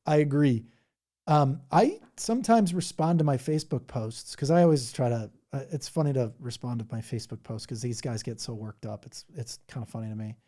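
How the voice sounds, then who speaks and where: A man's voice: medium pitch, fairly quick, warm tone. Rambling, laughing male streamer. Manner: rambling, laughing, mocking impressions. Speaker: livestream host. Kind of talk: casual chat reacting to viewer comments.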